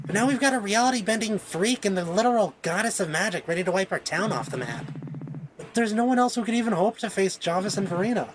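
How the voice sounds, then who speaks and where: A woman voicing a protective young woman who speaks gently and with worry. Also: mid-range voice, lively intonation, fast talker, background noise, close to an everyday voice. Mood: worried. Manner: gentle, worried, soft.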